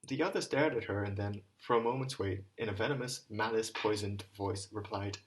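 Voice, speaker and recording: A man's voice: on the low side, a little fast, poor audio. A man reading a classic novel aloud as an amateur audiobook narrator, with occasional stumbles and rereads. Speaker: audiobook reader.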